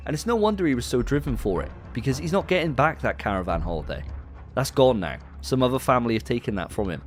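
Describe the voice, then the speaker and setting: A man co-hosting a relaxed film review podcast, acting out scenes as he retells them. His storytelling is animated and sweary, with faint music under it. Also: mid-range voice, quick pace. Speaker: podcast co-host. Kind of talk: casual film review discussion.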